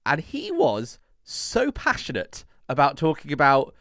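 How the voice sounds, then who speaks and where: A young man co-hosting a podcast, telling stories in a playful, animated way. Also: fairly high pitch, a little slow, no room sound, clean studio sound. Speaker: podcast co-host. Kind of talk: casual chat.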